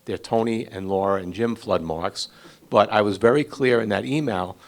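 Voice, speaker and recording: Middle-aged guy running a community q&a, rough gravelly voice, laid-back talk. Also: lowish voice, normal speed, slight background noise. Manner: informal and conversational, calls on speakers. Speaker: flood committee member leading a meeting.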